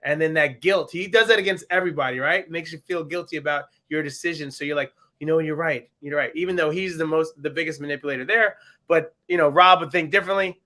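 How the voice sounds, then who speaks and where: Animated bright-voiced male podcast co-host. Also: a little high, quick pace, few pauses. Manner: animated, quotes characters in acted voices. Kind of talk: casual recap chat.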